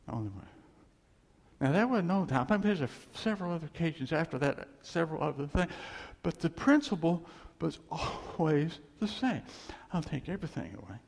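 A male preacher with a fairly high, gravelly voice delivers an earnest, conversational sermon and keeps repeating phrases for emphasis. His words ring out with a long reverb, as if spoken in a large hall. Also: lively intonation, normal speed.

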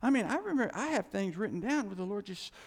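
A man preaching a sermon as pastor, animated, repeating his phrases and acting out quoted thoughts. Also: sits high, fast talker, creaky, breathy edge. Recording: long hall reverb.

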